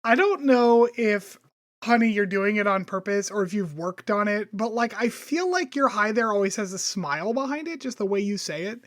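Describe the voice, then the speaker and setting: A man co-hosting a podcast, chatting casually and ranting in a profane, animated way. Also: high-pitched, normal speed. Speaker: podcast co-host. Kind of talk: casual chat.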